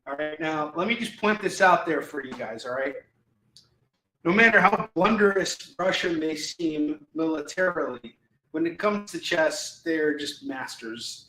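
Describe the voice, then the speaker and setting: Man, 40s, live-stream comic seller, jokey patter, laughs a lot, tense bright voice, echoey room. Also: a little high. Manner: jokey, laughing, goofy asides. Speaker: live shopping show host selling comics.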